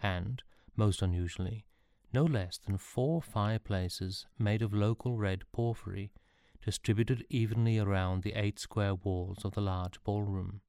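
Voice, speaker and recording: Calm low-voiced male narrator. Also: a little slow, clear, resonant tone, no echo, studio quality. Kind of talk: audiobook narration.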